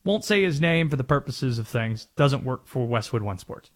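A man's voice: medium pitch, expressive, normal speed. A man from North Carolina hosting sports talk radio, chatty and self-aware as he explains his on-air bits.

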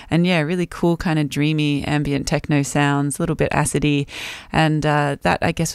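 A man's voice: on the high side, creaky, no room sound, clean studio sound. A man hosting a morning radio show, chatting casually through the tracks just played, with fillers here and there. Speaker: radio host. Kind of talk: casual radio back-announcing. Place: radio studio. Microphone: studio microphone.

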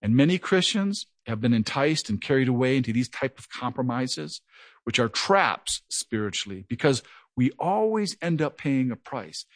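A middle-aged man with a slight stutter preaches a verse-by-verse Bible teaching. His voice sits at an ordinary pitch but swings up and down with feeling. The sound is dry and close, with no room around it. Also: sing-song, moderate pace, no echo. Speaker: pastor. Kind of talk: sermon.

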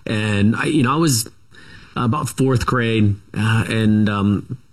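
Picture a middle-aged man with a fairly low voice, talking through his childhood in a loose, meandering way. He keeps stopping to restart his sentences and fills the gaps with "um" and "you know." This is a guest's relaxed interview storytelling. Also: takes it slowly. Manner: rambling, many fillers and restarts. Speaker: guest author.

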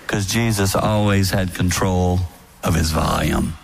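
A man giving a sermon-style talk to a live audience, telling folksy stories with soft, whispered asides. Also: low voice, measured pace, creaky, over music. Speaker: speaker at a marriage event.

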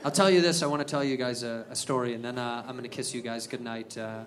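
A man performing an animated stand-up comedy set on stage, telling a story and acting out loud voices. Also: medium pitch, quick pace. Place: live comedy venue with audience. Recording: live show with crowd noise and laughter.

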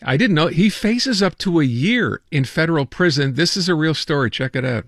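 A male radio host running a casual news segment, talking in a loose, joking way and tripping over his own words. His voice sits a little high for a man. It sounds close and dry. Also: animated, normal speed, fairly bright tone, no echo. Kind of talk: casual talk radio banter.

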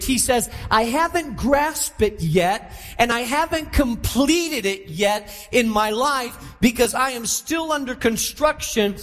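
Male pastor, high voice, live sermon in a reverberant auditorium, emphatic repetition. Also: a bit bright. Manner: preaching with rising, emphatic repetition to a congregation. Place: large church auditorium.

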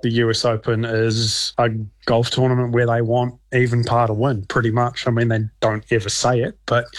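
A man with a New Zealand accent, a professional golfer answering interview questions in a relaxed, rambling way with many ums and restarts. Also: medium pitch, no echo.

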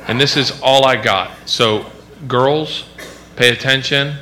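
A man's voice: mid-range voice, slow pace. A young man, a father, doing stand-up and telling a rambling story full of "like". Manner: rambling, filler-heavy storytelling with lots of "like". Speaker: stand-up comedian. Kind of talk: stand-up comedy routine. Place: comedy club stage. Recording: live club recording with background noise.

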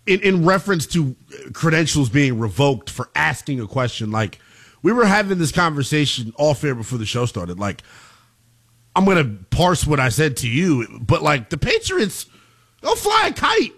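A man co-hosting a sports talk show, arguing his point in an animated, incredulous way. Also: fairly high pitch, moderate pace. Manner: animated and incredulous, rising to near shouts. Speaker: co-host.

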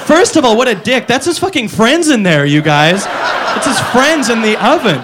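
A man doing a stand-up comedy set on a club stage, profane and incredulous, with quick asides to the audience. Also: very high-pitched, big pitch swings. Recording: live club recording with audience noise. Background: audience laughter.

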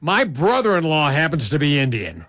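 Male radio host, higher pitch, animated delivery, dry studio sound, chatty and laughing. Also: moderate pace, no echo. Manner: laughing, stumbling over words while reading stories. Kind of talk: casual morning radio banter.

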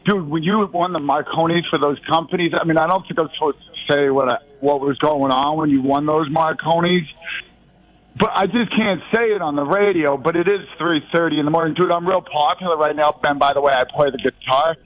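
A man's voice: on the high side, steady tone, fairly quick. A man who is a regular on a radio show, rambling casually and getting riled up in banter. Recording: dull lo-fi audio.

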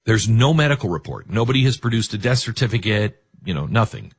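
Middle-aged male host, husky, swings his pitch around a lot, jokes as he tells a story. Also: a little fast. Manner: animated, jokey asides. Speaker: radio talk show host. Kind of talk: storytelling monologue.

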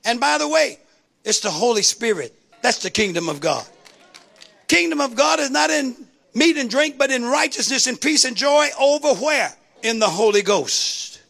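A woman's voice: a little high, animated, normal speed, gravelly, fairly bright tone. A woman preacher delivering a sermon in a rhythmic call-and-response style, building to rising exclamations.

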